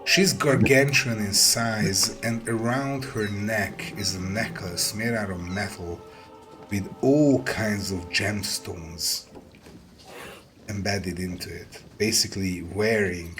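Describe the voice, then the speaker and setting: A man narrating as game master of a tabletop game, with a halting delivery that often repeats words as he describes the scene. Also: fairly low pitch, a bit bright, soft background music, rough recording.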